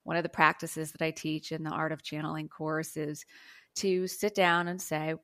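Soft-voiced woman, lowish tone. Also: flat delivery, normal speed. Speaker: guest, channeling teacher. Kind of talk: spiritual interview talk.

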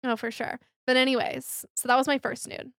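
High-pitched, fairly quick, and fairly bright, with little pitch movement, a young woman co-hosting a podcast shares candid stories in a casual chat. Fillers fill her speech, and she imitates what others said. The recording is dry and studio-clean.

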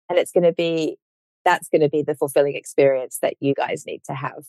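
Female coach and author, low voice, dry recording, warm-hearted encouraging advice in casual talk. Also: normal speed, no room sound. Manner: encouraging, reflective, animated in bursts. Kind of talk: casual podcast conversation.

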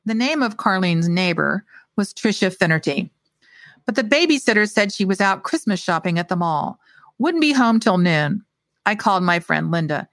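A woman author reading her own mystery short story aloud with expressive delivery. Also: medium pitch, normal speed, no room sound.

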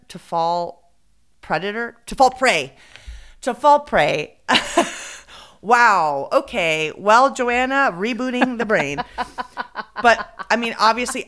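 Woman, podcast co-host, casual rambling chat, Spanish fillers, smooth clear voice, middle pitch. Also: a bit bright.

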